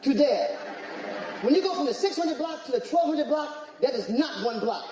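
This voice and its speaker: A man from the United States doing stand-up comedy, ranting in an animated, exclaiming way. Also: very high voice, moderate pace, over a noisy crowd, very noisy. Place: comedy club stage. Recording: echoey hall with live audience.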